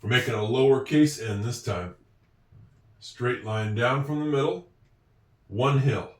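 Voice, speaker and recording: This teacher has a medium-pitched voice and a measured pace as he walks through a handwriting lesson one patient step at a time, tossing in a few self-deprecating remarks. The room echoes, and he's far from the microphone, slightly off-mic.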